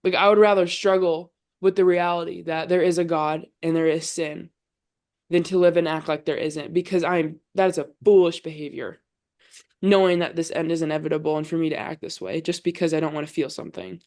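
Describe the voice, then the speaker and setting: A woman's voice: sits low, steady tone, brisk, a little mellow. A young adult woman, a podcast guest, talking earnestly about her faith in casual conversation and often saying "like.". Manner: earnest, heavy use of "like". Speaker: podcast guest, college volleyball player.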